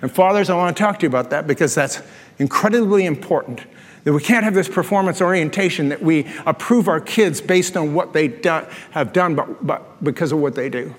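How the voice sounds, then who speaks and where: An older man preaching a conversational sermon as a pastor, animated and telling stories with self-deprecating asides. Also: a little high, brisk. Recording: long reverb of a large hall.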